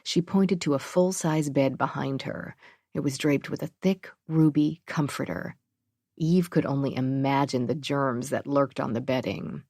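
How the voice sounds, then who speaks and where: Female audiobook narrator, low register, dry and close; measured reading. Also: a little mellow, no room sound.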